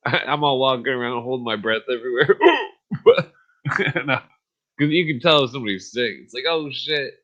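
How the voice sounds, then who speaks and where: A man's voice: mid-range voice, brisk, long pauses, bright, forceful tone. A man hosting a podcast, ranting in a rambling, profane monologue full of fillers and short laughs. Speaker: podcast host. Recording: dull lo-fi audio.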